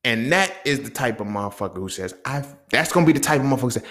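A man's voice: mid-range voice, lively intonation, very fast, hardly any pauses, a bit bright. A man hosting a podcast, ranting heatedly in a casual monologue full of profanity and street slang. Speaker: podcast host.

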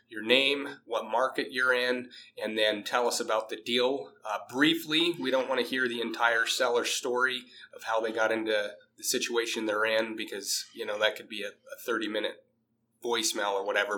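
A man's voice: medium pitch, bright, forceful tone, slight background noise, rough recording. A man hosting a podcast in casual chat, talking through a cold with fillers and restarts. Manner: chatty, many fillers and restarts. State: has a cold. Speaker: podcast host.

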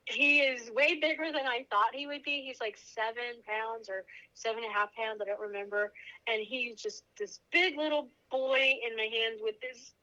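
A bright, lively woman in her thirties recounts a personal story as a podcast guest. Her voice sits a little high, and she laughs often as she talks. The audio is slightly dull and lo-fi. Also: moderate pace.

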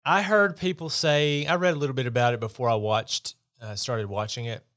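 A man's voice: mid-range voice, steady tone, brisk, a bit bright. Opinionated man ranting on a podcast. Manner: opinionated, rambling, dismissive. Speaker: podcast host. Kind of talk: casual chat.

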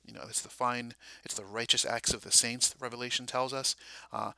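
A man recounting a dream and tying it to scripture, halting with many fillers and restarts. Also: medium pitch, little pitch movement, gravelly, pushed and bright, no room sound. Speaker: religious video speaker.

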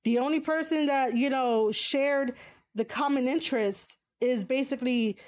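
A woman's voice: normal speed, darkish tone. Blunt, profane woman ranting casually. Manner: blunt and profane, frequent fillers; laughs and jumps to high exclamations. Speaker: streamer reading chat. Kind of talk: casual opinionated chat.

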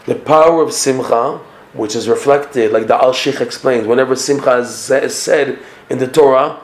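Casting note: male Torah teacher, mid-pitched voice, emphatic and repetitive delivery, roomy echo. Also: moderate pace. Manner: earnest, emphatic, repeats and rephrases points. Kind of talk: Torah lesson.

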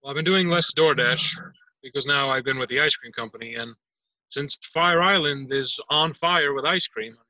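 A man's voice: mid-range voice, moderate pace, sharp tone, no room sound, dull audio. A man chatting casually on a podcast, telling loose, profane stories. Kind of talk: casual chat.

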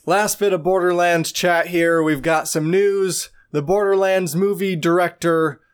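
Man, podcast host, easygoing, reads the news, slightly high, smooth voice. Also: steady tone, a little slow. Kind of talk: casual gaming podcast chat.

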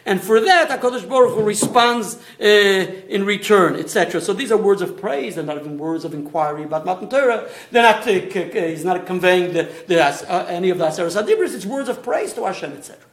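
A rabbi leads a small Torah class in an echoey room. His voice sits high for a man and swings widely in pitch as he explains. He often restarts and tosses in asides. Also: fast talker, hardly any pauses. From Australia. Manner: animated, stop-start explaining with many restarts and asides.

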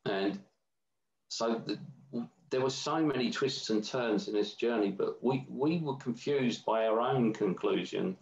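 A man's voice: mid-range voice, measured pace, gravelly, roomy sound, muffled recording. A man in a casual conversation, telling a long meandering story with many restarts. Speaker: guest.

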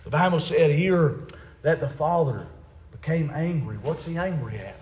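A male preacher delivers a sermon, swinging from shouted high-pitched exhortation to hushed, tender pleading. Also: lively intonation, moderate pace, roomy sound, slight background noise.

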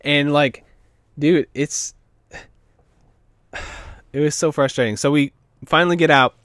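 A man's voice: a little high, unhurried, fairly bright tone, dry recording, clean studio sound. Rambling, profane man telling a story. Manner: rambling, filler-heavy, profane. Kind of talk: casual storytelling.

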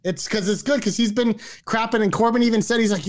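A man's voice: high voice, steady tone, brisk. A man co-hosting a casual wrestling podcast, teasing his partner with dry put-downs. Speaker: podcast co-host.

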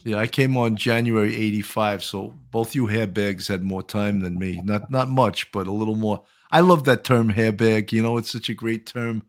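A man in his sixties, a former police officer hosting a podcast, chatty and animated, laughing often. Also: fairly low pitch, moderate pace, few pauses. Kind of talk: casual podcast chat.

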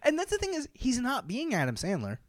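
A man's voice: extremely high pitch, wildly swooping pitch, a little fast, dry recording, studio quality. A young man co-hosting a podcast, chatting casually and animatedly with lots of fillers and laughs. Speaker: podcast co-host. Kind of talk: casual chat.

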